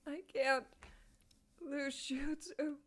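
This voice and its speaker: A woman voicing a worried, caring young woman in a video game, speaking softly with a shaky voice. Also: sits high, little pitch movement, very slow, exaggerated voice. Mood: tearful. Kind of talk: game voice acting.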